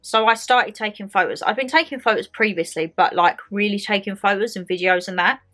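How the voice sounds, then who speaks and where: A woman's voice: medium pitch, brisk. Chatty young woman with an Essex accent. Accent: Essex English. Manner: chatty, animated storytelling with acted quotes. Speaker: vlogger. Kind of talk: casual chat to camera. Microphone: handheld phone camera.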